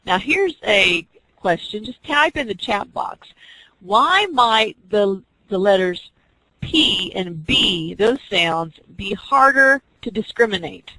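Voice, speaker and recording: A woman's voice: medium pitch, lively intonation, takes it slowly, pushed and bright, dry recording, poor audio. A woman teaching an online class, explaining reading skills step by step and acting out teacher and student examples. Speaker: teacher educator.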